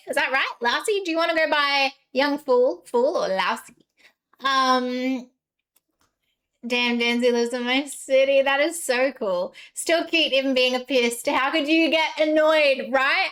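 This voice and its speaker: A woman's voice: high-pitched, slow, fairly bright tone. A young woman, chatting casually with her live-stream chat, giggly and full of fillers.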